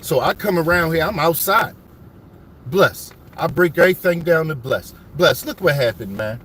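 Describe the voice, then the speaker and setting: A man telling his life story to viewers as he drives around his old city neighborhood, animated and full of street slang. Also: on the high side, moderate pace.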